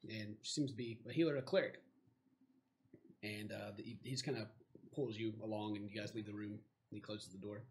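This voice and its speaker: A man's voice: lowish voice, steady tone, fairly quick, slight background noise. A man narrating as game master of a tabletop game, rambling with lots of fillers.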